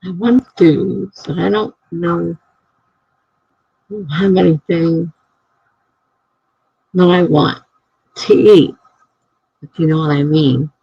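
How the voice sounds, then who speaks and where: A woman writer chatting casually on her live stream, rambling and thinking out loud. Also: fairly low pitch, takes it slowly, creaky, long pauses, breathy edge, dry recording. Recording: dry, slightly dull lo-fi mic.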